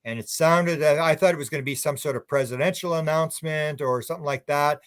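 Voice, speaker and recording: A man's voice: on the high side, quick pace, fairly bright tone, no echo, clean studio sound. An older man, a researcher guest on a radio interview, talking in long, rambling, opinionated run-on thoughts.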